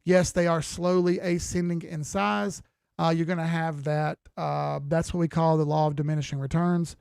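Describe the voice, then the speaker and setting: Man, chart-analysis streamer, sleep-deprived, gravelly voice, casual folksy delivery, dry close sound. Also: on the high side, level tone, normal speed, a little mellow, no room sound. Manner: conversational, repeats phrases, folksy slang. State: tired, yawning.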